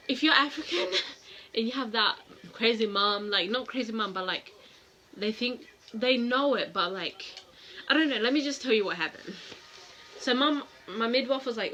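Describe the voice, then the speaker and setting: A young woman vlogger frankly telling a personal story to camera in a casual, animated way, acting out what people said. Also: fairly high pitch, normal speed, highs cut off. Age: young adult. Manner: frank, animated, acts out quoted voices.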